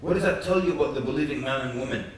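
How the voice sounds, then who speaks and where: A man preaching at a youth conference, telling lively stories with jokes and acting out quotes. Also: medium pitch, very fast, a little hiss or hum. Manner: animated storytelling with jokes and acted quotes. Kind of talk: conference lecture. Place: large conference hall. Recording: echoey hall from far off.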